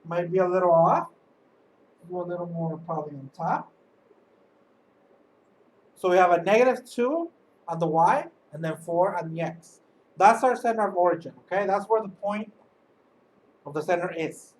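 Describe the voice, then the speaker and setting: A high school math teacher recording a video lesson, walking through each step patiently and often checking in with "okay?". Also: normal speed, pauses often. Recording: distant mic with faint background noise.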